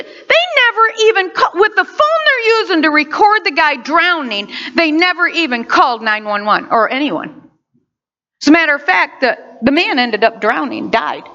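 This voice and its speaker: A woman preaching a sermon, impassioned and animated, with sudden loud outbursts. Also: high-pitched, unhurried. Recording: dull lo-fi recording.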